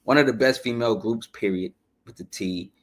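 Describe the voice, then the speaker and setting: A man hosting a podcast, chatting loosely through an album review with shout-outs and asides, his nose running. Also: lowish voice, brisk. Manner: loose and chatty, full of shout-outs and asides, often saying "you know what I'm saying". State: runny nose. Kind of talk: casual music review chat.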